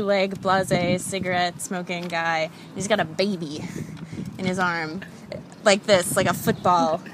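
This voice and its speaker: A young woman spins a comic personal tale in a loose, self-deprecating manner, sprinkling "like" through her sentences. Her voice sits at an ordinary middle pitch. A steady hum of ambient noise runs beneath the recording. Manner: chatty, self-deprecating, lots of "like" fillers. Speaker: storyteller. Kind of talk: casual comic storytelling.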